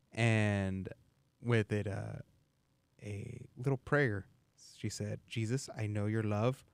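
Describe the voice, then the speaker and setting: A man hosting a talk radio show, telling stories and reading listener messages at an easy pace. His voice is smooth and clear, recorded dry in a studio. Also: on the low side, no echo. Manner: relaxed storytelling, reads listener messages. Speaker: radio host. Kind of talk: casual talk radio chat.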